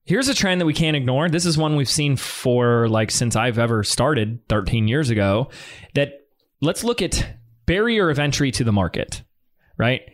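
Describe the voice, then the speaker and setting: A man hosting a business podcast in an energetic, quick, casual way. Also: medium pitch. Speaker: podcast host. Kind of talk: casual chat.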